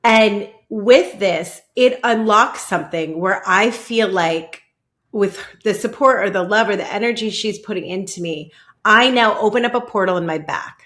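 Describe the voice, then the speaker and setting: A woman podcast host telling a personal story in casual chat, halting and restarting, with "like" in nearly every phrase. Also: medium pitch, a bit bright. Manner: halting, heavy use of "like", many restarts.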